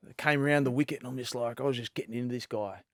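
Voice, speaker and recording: Australian guy in his late thirties, mid-pitched, rambling anecdotes, close dry sound. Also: very fast, no echo. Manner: rambling, full of fillers and restarts, animated when telling stories. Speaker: guest, professional fast bowler. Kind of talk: casual storytelling chat.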